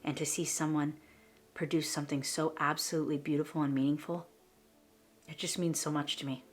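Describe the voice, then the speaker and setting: A woman hosting a crafting vlog, gushing over a scrapbook and often dropping into a breathy whisper. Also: low-pitched, little pitch movement, a little fast. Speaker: scrapbooking channel host. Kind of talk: flip-through show-and-tell vlog.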